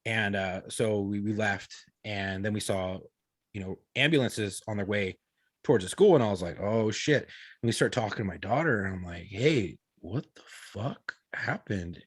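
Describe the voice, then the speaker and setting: A man's voice: on the low side, normal speed, dry recording. A man in his thirties, a podcast co-host, telling a story in casual, profane talk full of quoted dialogue. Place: podcast studio.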